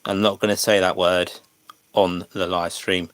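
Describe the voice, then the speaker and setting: A man with an English accent talks to his livestream chat in a slow, unhurried way, pausing and restarting often. His voice sits fairly low and sounds dry and close, with little room around it. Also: flat delivery, dry recording. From England. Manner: hesitant, many fillers and restarts, chats to viewers.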